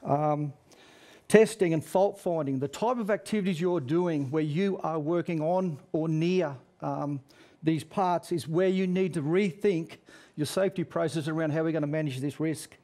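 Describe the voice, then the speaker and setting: Earnest high-voiced man presenting. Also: normal speed, mellow. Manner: earnest, repeats key messages, some restarts. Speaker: safety regulator presenter. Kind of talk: webinar presentation.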